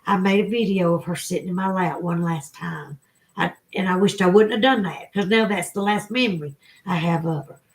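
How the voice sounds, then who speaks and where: A woman's voice: fairly low pitch, fairly quick. A middle-aged woman with a Southern accent, chatting to her livestream viewers and telling an emotional personal story. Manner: emotional storytelling, tearful at times. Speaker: livestream host. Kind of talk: casual chat to viewers.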